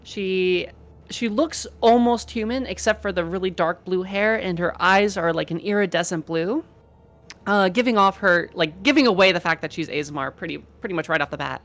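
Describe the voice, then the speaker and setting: A woman's voice: fairly low pitch, moderate pace, a bit bright. Rambling woman describing her character. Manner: rambling, hesitant, many fillers. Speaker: player. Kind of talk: casual tabletop game chat.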